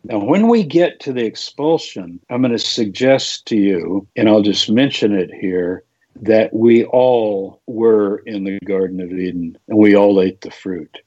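A man's voice: fairly low pitch, unhurried, darkish tone, no echo, muffled recording. A man explaining a Bible passage and its Hebrew wording in a conversational, lecturing way. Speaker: Bible teacher. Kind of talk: conversational scripture discussion.

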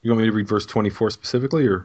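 A man's voice: lowish voice, fairly even intonation, racing, a little mellow, no room sound, lo-fi sound. A man co-hosting a Bible chat, reading Hebrew and explaining the translation precisely. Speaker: co-host, Hebrew scholar.

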